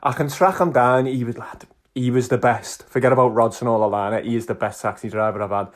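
A man's voice: medium pitch, fairly even intonation, fast talker. A man, a podcast co-host telling a story in casual chat, calling his friend "lad". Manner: storytelling, says "lad" a lot.

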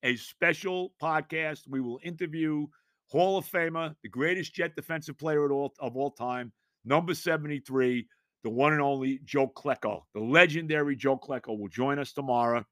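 Animated older man, bright dry voice. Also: on the high side, moderate pace, no echo. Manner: animated, rambling, repeats himself and laughs at his own story. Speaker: podcast host. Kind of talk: casual storytelling monologue.

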